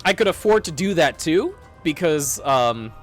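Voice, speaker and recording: A man's voice: fairly high pitch, a little slow, soft background music. A man casually ranting through a story from his retail job, acting out the dialogue and swearing as he goes. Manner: animated, acts out dialogue, swears and laughs. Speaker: streamer telling a work story.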